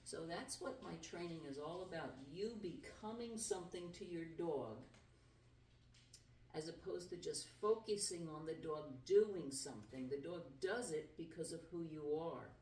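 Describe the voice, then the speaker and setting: A woman's voice: low-pitched, lively intonation, measured pace, darkish tone. A middle-aged woman dog trainer giving a casual instructional demonstration, explaining in a conversational way with everyday comparisons. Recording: roomy sound from a distant mic with faint background noise.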